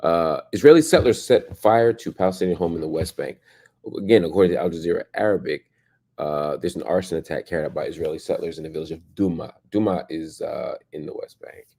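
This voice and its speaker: A man's voice: sits low, fairly quick, mellow, breathy edge. A man hosting a daily news stream, reading headlines and commenting casually, tired and exhausted. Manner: reads headlines then comments, with fillers and restarts.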